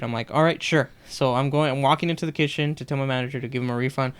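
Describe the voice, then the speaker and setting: Young male podcast co-host, animated storyteller, clean resonant voice. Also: medium pitch, fast talker, hardly any pauses, smooth. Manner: animated, acts out customers' lines in retelling. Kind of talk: casual storytelling chat.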